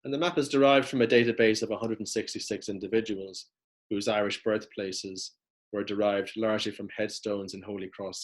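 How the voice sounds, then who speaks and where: A man giving a prepared lecture, reading steadily from notes as he walks through maps. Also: on the low side. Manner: measured, reads from notes with map references.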